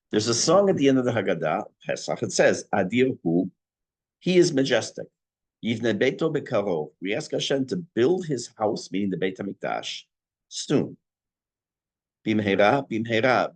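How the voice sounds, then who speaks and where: A man teaching an online class on prayer, reading Hebrew phrases and explaining them in English with a lively teacher's delivery. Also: lowish voice, gravelly, breathy edge. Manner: lively teacher's delivery, rising on key words.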